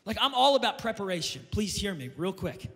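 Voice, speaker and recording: A male pastor delivers a fiery sermon, rising again and again into shouted peaks. His voice sits high for a man. A long reverb from the church hall trails after every phrase. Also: big pitch swings, a little fast, faint music behind. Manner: impassioned, building to shouted climaxes. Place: church sanctuary.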